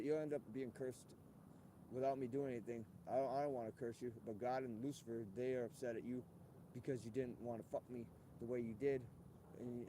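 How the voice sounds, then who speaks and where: A man with a medium-pitched, warm voice hosts a livestream outdoors at a golf course, with a little hiss or hum audible. His monologue rambles and rants, packed with profanity.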